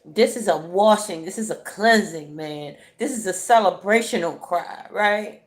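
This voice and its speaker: A woman's voice: on the low side, measured pace. A woman giving an emphatic motivational talk to camera while crying, often checking in with "right?". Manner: emphatic, repetitive, keeps asking "right?". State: tearful, crying while talking. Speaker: vlogger.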